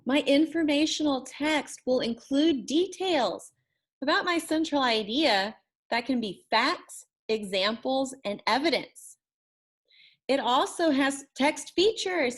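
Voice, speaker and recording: Woman teacher, slightly high voice, super slow and patient, drags out the sounds. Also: lively intonation. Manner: slow, encouraging, drawn-out praise; stretches and repeats words to model sounds. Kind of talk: recorded classroom lesson.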